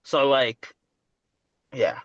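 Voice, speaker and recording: A man's voice: mid-range voice, level tone, extremely slow, fairly bright tone, dry recording. Emphatic male coach, dull dry sound. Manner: emphatic, stumbling, addresses guest directly. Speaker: dating coach. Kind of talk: casual coaching chat.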